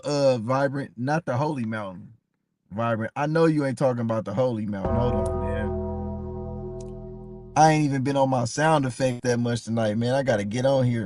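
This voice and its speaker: A man's voice: mid-range voice, moderate pace, darkish tone, no room sound, clean studio sound, faint music behind. A man hosting a live stream, talking casually and passionately to his chat, calling viewers by name and repeating himself.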